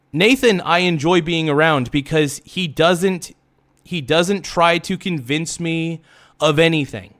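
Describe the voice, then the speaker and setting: A man hosting a livestream delivers a heated, swearing monologue that circles back on itself. His voice sits a little high, and he stumbles into restarts and quick self-corrections. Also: a bit bright. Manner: heated, repetitive, swearing rant. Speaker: livestream host.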